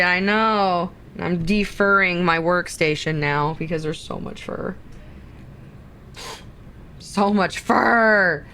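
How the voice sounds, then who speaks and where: A woman streamer in casual livestream chat, talking in soft, drawn-out baby talk to her cat. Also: lowish voice.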